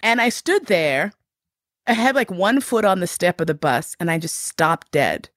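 A woman telling personal stories as an interview guest, reflective and frank, growing animated as she retells events. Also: fairly low pitch, unhurried, no echo, studio quality. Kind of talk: candid personal storytelling.

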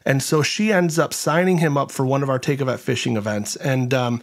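Man, interview host, middle pitch, storytelling, quotes people, fillers. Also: a little fast. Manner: retells a story with many quoted lines and fillers. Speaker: host and nonprofit organizer.

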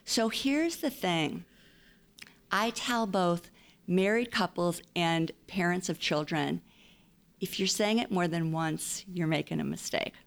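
A woman's voice: on the low side, takes it slowly, vocal fry. A woman counselor giving advice in a casual interview, explaining her points with playful acted-out quotes.

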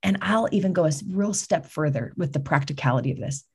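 A woman talks as a podcast guest, her voice low and breathy-husky. She tells stories with energy and slips into the voices of the people in them before turning to a message of faith. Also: fast talker. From California. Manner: animated storyteller, acts out quoted voices.

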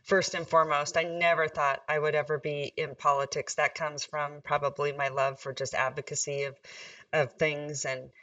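A woman mayor from Nevada chatting in a casual interview, upbeat and quick to laugh. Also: low voice, level tone, a bit bright, no room sound, far from the mic, dull audio. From Nevada, USA.

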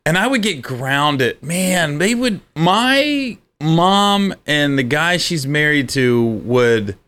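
A comedian telling stories in casual chat, acting out the people in them and laughing often. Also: male voice, fairly high pitch, sing-song, takes it slowly, a bit bright, clean tone.

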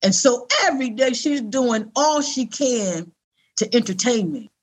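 A middle-aged woman with a slightly high voice tells a personal story as an interview guest. She speaks earnestly and conversationally. She slips into the voices of the people she quotes. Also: measured pace. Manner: animated, acts out quoted voices.

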